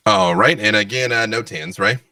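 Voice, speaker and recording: Bright-voiced man narrating a tabletop game. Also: on the low side, normal speed, dry recording. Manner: lively storytelling narration. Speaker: game master.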